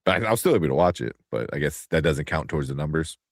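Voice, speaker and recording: A man's voice: very deep voice, expressive, very fast, gravelly, dry recording, studio quality. A man hosting a casual podcast chat, sleepy and rambling, with many restarts. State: sleepy, yawning. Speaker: podcast host.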